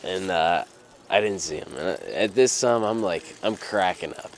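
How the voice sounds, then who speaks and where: A man's voice: sits low, normal speed, a little hiss or hum. A young man casually telling a personal anecdote, rambling with fillers and restarts and swearing freely. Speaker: storyteller.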